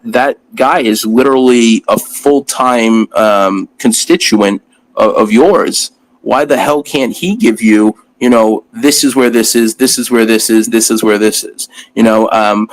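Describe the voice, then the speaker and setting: A man's voice: mid-range voice, low-quality recording. A man in a casual group voice chat, rambling with frustration and lots of fillers. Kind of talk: casual ranting discussion.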